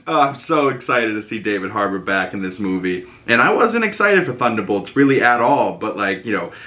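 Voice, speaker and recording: A young man hosting a casual vlog from home. His voice sits fairly low but sounds bright and forceful, and he talks in a loose, rambling way with lots of fillers. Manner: rambling, chatty with many fillers. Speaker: host.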